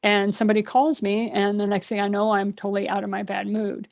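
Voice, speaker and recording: A woman's voice: medium pitch, level tone, a little fast, vocal fry. A middle-aged woman, a guest on a video call, telling personal stories with lots of laughter and acting out her own thoughts. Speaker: guest, spiritual author. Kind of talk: conversational storytelling.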